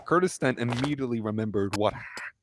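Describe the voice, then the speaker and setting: A man's voice: animated, background noise. A man reading a fan-written story aloud, stumbling and restarting lines and raising his voice for the characters. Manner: halting reading with restarts, pushed-up pitch for quoted lines. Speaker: fanfic reader.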